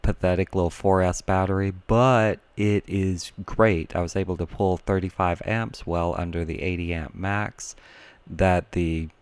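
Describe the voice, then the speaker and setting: A man's voice: low-pitched, fairly even intonation, a little slow, clear, resonant tone. A man doing a casual, enthusiastic drone review, rambling with fillers and restarts as he shows off the parts.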